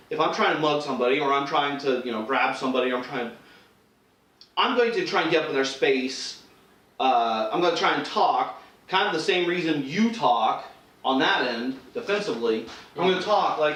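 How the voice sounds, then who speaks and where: A man's voice: fairly high pitch, a bit bright. A man instructing self-defense, talking casually with frequent restarts and acted-out lines while demonstrating. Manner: casual, conversational, many restarts and acted-out quotes. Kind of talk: demonstration lesson. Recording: roomy echo, mic far off.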